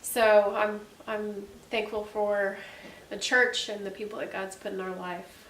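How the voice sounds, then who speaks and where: A woman's voice: medium pitch, flat delivery, a little slow. A woman in her forties co-hosting a casual faith-based chat, telling stories in a chatty way with many ums. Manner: chatty, warm-hearted storytelling with many ums. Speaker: podcast co-host. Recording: echoey room, distant mic, faint hiss.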